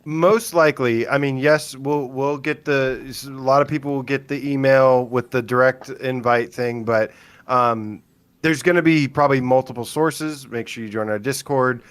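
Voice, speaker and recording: A man's voice: mid-range voice, fairly even intonation, normal speed, clear, resonant tone, no room sound. A man co-hosting a casual livestream, laid-back, laughing often and filling gaps with 'like' and 'um'. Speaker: podcast co-host.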